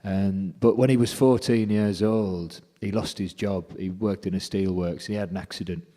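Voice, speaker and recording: A folk musician being interviewed, retelling a story with lively quoted dialogue. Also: male voice, sits low, moderate pace.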